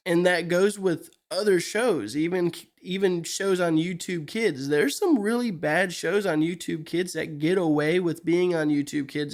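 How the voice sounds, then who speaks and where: A fairly high-voiced man hosts a clip reaction show, speaking earnestly and kindly to his audience. His tone is sincere and advice-giving. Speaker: host reacting to clips. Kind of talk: casual commentary.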